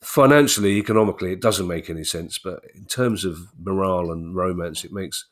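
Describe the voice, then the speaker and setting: A man's voice: deep voice, fairly quick. A man co-hosting a podcast in casual chat, chatty and jokey with frequent restarts. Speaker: podcast co-host.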